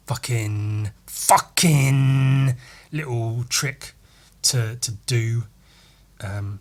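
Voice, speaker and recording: Rambling, self-mocking man with a bright voice. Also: mid-range voice, breathy edge. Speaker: miniature painter. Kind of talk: casual commentary over painting footage.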